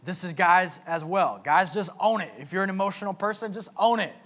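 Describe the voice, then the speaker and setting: A man's voice: sits high, fairly quick, fairly bright tone. A young adult male pastor giving a conversational, earnest sermon, with frequent filler words.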